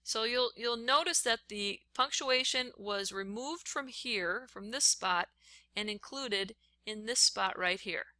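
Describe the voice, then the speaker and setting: A woman's voice: on the high side, slow pace, pushed and bright, no room sound. A woman teacher talking step by step through a writing lesson while she types on screen. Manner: step-by-step, talks while typing.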